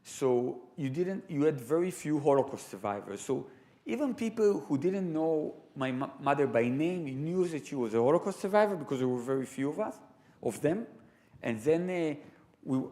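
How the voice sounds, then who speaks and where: A man with an Israeli accent telling stories live to an audience in a large sanctuary, animated and full of laughing asides. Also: fairly high pitch. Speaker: storyteller guest. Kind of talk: live storytelling talk.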